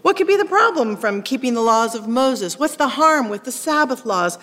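A woman pastor preaching a sermon, animated, acting out quoted lines with sharp rising questions. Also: fairly high pitch, moderate pace. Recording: long hall reverb.

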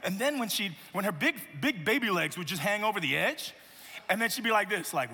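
Male pastor, animated storyteller, bright high voice, reverberant hall. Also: a little fast, slightly rough. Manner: animated storytelling with playful asides. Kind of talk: sermon.

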